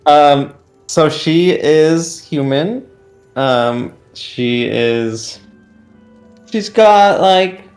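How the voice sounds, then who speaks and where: A man playing in a tabletop game, speaking hesitantly with many pauses. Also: on the high side, a little mellow. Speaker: player.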